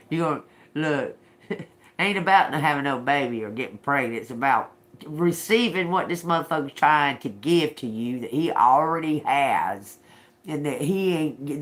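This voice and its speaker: A woman doing a live-streamed tarot reading, talking bluntly and profanely with folksy slang and frequent laughter. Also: sits low. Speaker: tarot reader.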